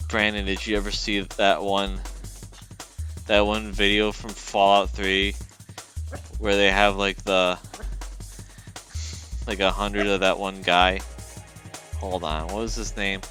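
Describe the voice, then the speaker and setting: Low-voiced guy on stream, joking around with his dog at home, faint music behind. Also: little pitch movement, takes it slowly, long pauses, sharp tone. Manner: playful teasing, talking to his dog. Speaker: game developer streaming. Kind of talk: casual stream chat.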